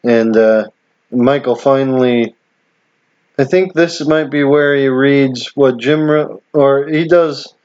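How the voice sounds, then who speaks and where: A man in an easy podcast chat who teases his co-host and often answers in short agreements. His pitch is ordinary. The sound is dry and slightly muffled. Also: takes it slowly, dry recording. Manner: relaxed, teasing, short agreements. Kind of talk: casual chat.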